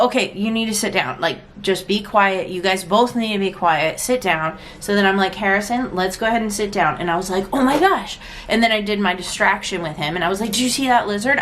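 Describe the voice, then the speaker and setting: A woman's voice: mid-range voice, fairly bright tone, a little hiss or hum. A young adult woman chatting frankly in a casual storytime vlog, acting out quoted lines and saying "like" often. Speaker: vlogger and parent.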